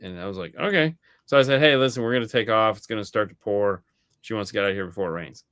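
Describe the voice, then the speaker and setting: A man co-hosting a podcast in casual chat, telling a story in a lively way and acting out the voices of the people in it, swearing now and then. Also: fairly low pitch, quick pace, smooth, no room sound. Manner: animated storyteller acting out quoted dialogue. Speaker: podcast co-host.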